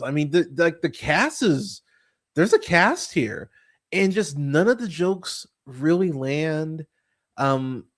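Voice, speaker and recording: A man hosting a casual movie podcast, rambling and swearing freely, full of fillers and restarts, and turning animated when he mocks what he saw. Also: medium pitch. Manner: animated when mocking characters. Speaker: podcast host. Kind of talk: casual movie review chat.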